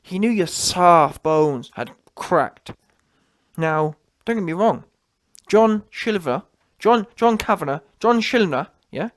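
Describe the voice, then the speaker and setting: A man rants straight into the camera in a taunting, mocking tone. He talks in street slang and keeps circling back with "yeah?" to hammer each point home. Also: high-pitched. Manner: taunting, repetitive, slangy, with frequent "yeah?" tags. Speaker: commentary channel host. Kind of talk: mocking reaction rant.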